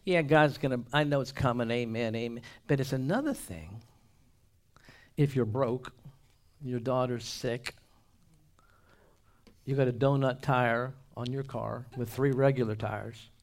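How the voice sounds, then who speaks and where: A man preaching a sermon at an even, middle pitch. He punctuates his points with humorous asides and calls for the congregation to answer. His delivery swings from loud exclamations to hushed whispers. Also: measured pace, pauses often.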